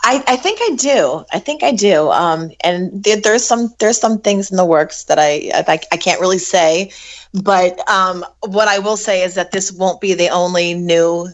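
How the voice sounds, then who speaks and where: Middle-aged woman guest, lowish pitch, chatty and laughing, full of restarts. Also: measured pace. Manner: chatty, laughs easily, many restarts and fillers. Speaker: guest recording artist. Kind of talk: casual interview chat.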